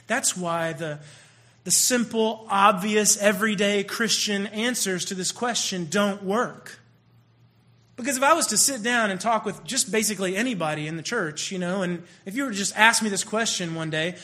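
A man preaching a sermon in a loose, conversational way, lively and animated as he talks. His voice sits high for a man and has a bright, forward tone. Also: normal speed. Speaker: pastor.

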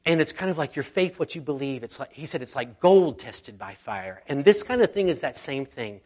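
A man's voice: mid-range voice, lively intonation, moderate pace, a little mellow. Chatty man preaching a sermon. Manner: conversational, rambling, with fillers and asides. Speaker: pastor.

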